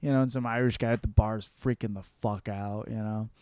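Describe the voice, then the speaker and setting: A man's voice: on the low side, fairly even intonation, a little fast, darkish tone, clear, resonant tone, no room sound. A man in his thirties hosting a podcast, talking through listener comments in a loose, profane, rambling way and laughing at his own jokes. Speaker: podcast host. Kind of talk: casual comedic monologue.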